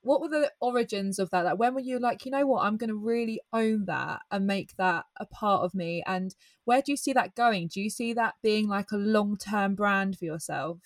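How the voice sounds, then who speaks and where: A woman hosting an interview, enthusiastic and encouraging as she asks her questions. Her voice sits at a middle pitch, and the recording is dry and close. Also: normal speed, few pauses, no room sound. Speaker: podcast host. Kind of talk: casual interview chat.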